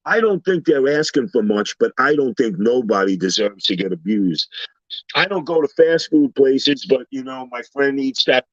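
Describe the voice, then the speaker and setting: Trading stories in a casual panel chat, a male guest animatedly acts out the voices of those he encounters. He talks at a moderate pace in an ordinary mid-range pitch, and the lo-fi recording sounds dry and slightly dull with no room sound.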